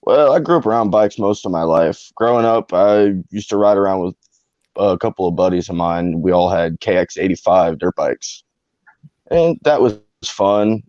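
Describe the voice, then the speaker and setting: Low-voiced man on a muffled call. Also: darkish tone, no room sound. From Pennsylvania, near Philadelphia. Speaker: caller. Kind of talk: casual chat. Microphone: phone or webcam on a video call. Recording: muffled dry video-call audio.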